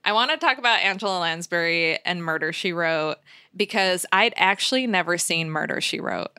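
A woman co-hosting a podcast in casual chat, chatty and quick to laugh, with animated asides. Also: lowish voice, clear, resonant tone, no room sound, studio quality. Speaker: podcast co-host.

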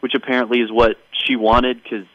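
A man talks casually as a podcast host, recapping a string of events with wry, bemused asides. His voice is mid-pitched, and the recording sounds dull and a bit lo-fi. The room is dead and dry, with no echo. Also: level tone, brisk. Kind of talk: casual chat.

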